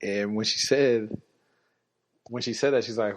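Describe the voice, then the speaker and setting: A podcast host with a fairly low voice tells a casual, rambling story at a measured pace, pausing often and correcting himself as he goes. He quotes other people in his own voice. The recording is dull and lo-fi.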